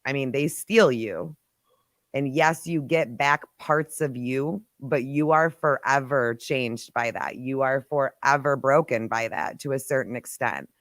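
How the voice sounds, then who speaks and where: Frank live-podcast host, mid-pitched voice, dry close mic, earnest. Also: unhurried, a bit bright, dry recording. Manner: frank, earnest, a bit profane. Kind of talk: casual live-stream chat.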